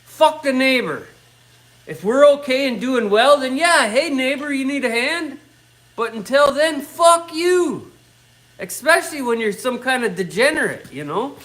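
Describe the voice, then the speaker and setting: A man's voice: extremely high pitch, expressive, normal speed, fairly bright tone, low-quality recording. A middle-aged man in his own workshop, ranting bluntly and swearing constantly in casual talk. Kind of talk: casual rant.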